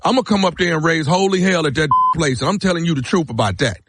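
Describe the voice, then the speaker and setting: A man's voice: fairly high pitch, quick pace, heavy background noise. A man making a phone call, stubbornly repeating the same complaint in a drawling voice. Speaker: caller.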